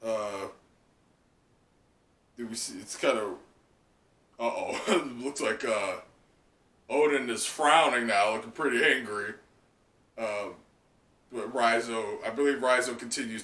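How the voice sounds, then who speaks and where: A man chatting excitedly through a live reaction, talking loosely with lots of "like" and trailing thoughts. His voice sits at an ordinary middle pitch. The mic is set back from him, and the room gives the sound a noticeable echo. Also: slow, pauses often. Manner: excitable, chatty, heavy use of "like". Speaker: manga reaction channel host. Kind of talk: casual live reaction commentary. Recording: roomy sound from a distant mic.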